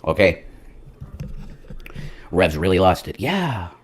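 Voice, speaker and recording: A man's voice: low voice, very animated, takes it slowly, husky. A man, a self-styled reverend, doing a rambling, profane comedic monologue on a livestream. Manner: profane, rambling, jumps between loud and muttered.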